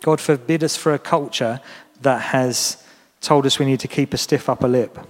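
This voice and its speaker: A man's voice: medium pitch, moderate pace. A man preaching a sermon in a church, talking earnestly and encouragingly to the congregation. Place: church hall. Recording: long reverb of a church hall.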